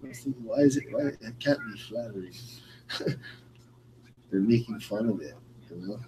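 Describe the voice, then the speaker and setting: A man's voice: on the low side, moderate pace, background noise. A man co-hosting a live fight-night radio show, chatting casually in a rambling way with many fillers. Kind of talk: casual play-by-play chat.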